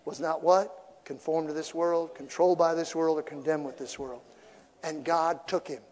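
A male pastor with a notably high voice preaches in church, lively and playful, throwing in jokes and asides to the congregation. His voice rings out with a long reverb tail from the sanctuary. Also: moderate pace. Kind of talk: sermon.

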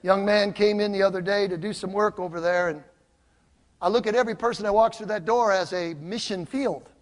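An older man preaching a sermon, telling stories with lively swings from loud exclamations to quiet asides. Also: high-pitched, brisk. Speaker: pastor. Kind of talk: sermon with storytelling. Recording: long hall reverb.

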